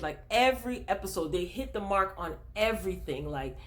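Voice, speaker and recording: A woman's voice: mid-range voice, animated, normal speed. A woman host talking straight to her viewers in a casual TV episode recap, retelling scenes with plenty of fillers. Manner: addresses viewers directly.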